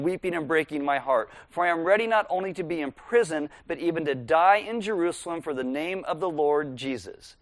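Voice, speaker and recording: A man's voice: a little high, fairly quick, hardly any pauses, no echo. Man preaching a conversational sermon. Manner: conversational, walks listeners through scripture. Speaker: pastor.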